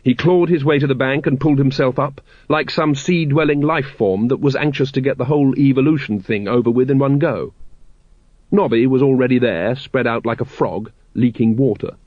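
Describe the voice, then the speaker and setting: A man narrating an audiobook in an expressive, character-driven reading. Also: medium pitch, moderate pace, dry recording. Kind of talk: scripted narration. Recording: dull, lo-fi audiobook recording.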